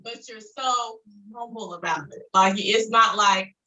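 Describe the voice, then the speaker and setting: A woman hosts a live conversation, her voice bright and forceful. She keeps up a steady stream of affirming murmurs. The room around her rings with echo. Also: mid-range voice, unhurried. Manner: warm, affirming, frequent backchannels. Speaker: host. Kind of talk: live interview chat.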